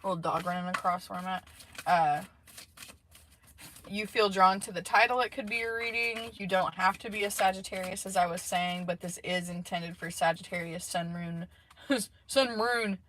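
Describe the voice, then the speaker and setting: A woman's voice: on the low side, level tone, normal speed, fairly bright tone, rough recording. A woman giving a casual, rambling tarot reading from inside a car, with many fillers and asides. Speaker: tarot reader. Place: in a parked car. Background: faint background noise.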